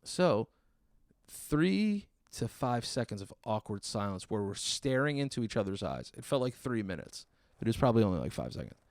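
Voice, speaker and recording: A man's voice: fairly low pitch, very animated, moderate pace, darkish tone, no echo, studio quality. A man telling a stand-up story in a sarcastic, exasperated way, acting out the people in it. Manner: exasperated, sarcastic retelling with acted-out quotes.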